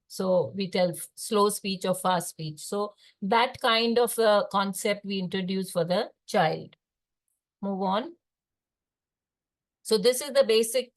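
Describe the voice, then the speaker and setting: An older woman with an Indian English accent, a speech therapist lecturing fellow clinicians in a hesitant, explanatory way with many pauses and fillers. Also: mid-range voice. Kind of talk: lecture in an online case discussion.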